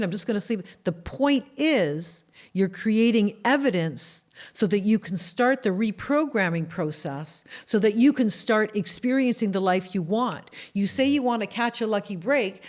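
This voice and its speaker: A Canadian author appearing as a guest in a casual interview tells animated stories in a mid-range voice. She acts out the voices of the people she describes.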